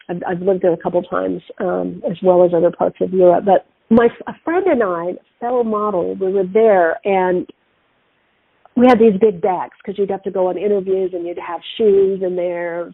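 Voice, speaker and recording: A middle-aged woman hosting a spiritual radio talk show, telling stories in an animated way. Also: medium pitch, slightly rough, dry recording. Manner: animated, acts out quoted voices. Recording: tinny phone-line sound, dry.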